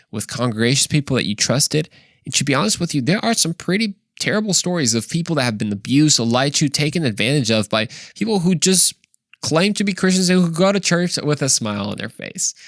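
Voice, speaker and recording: A man's voice: mid-range voice, a bit bright, no room sound, studio quality. A man hosting a faith podcast, talking earnestly and conversationally to the listener, often saying "man" and "bro". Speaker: podcast host. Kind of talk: casual faith podcast monologue.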